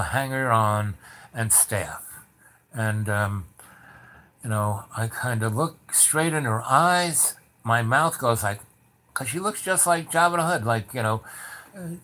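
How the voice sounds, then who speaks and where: A man telling a long anecdote in a loose, rambling way, with many fillers and restarts and lively bits where he acts out the people in it. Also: mid-range voice. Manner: animated, acts out the voices of people in the story. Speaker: storyteller. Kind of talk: casual spoken anecdote.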